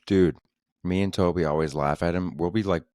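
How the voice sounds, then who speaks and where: A man with an extremely deep, low voice hosts a solo podcast, rambling loosely from one thought to the next and peppering his talk with crude jokes and swearing. The sound is close and dry, with no room echo. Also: darkish tone. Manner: rambling, profane, joking. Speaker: podcast host.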